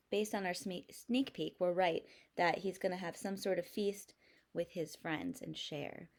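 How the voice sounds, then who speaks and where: A teacher reading a picture book aloud to young children, expressive and explanatory. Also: female voice, medium pitch.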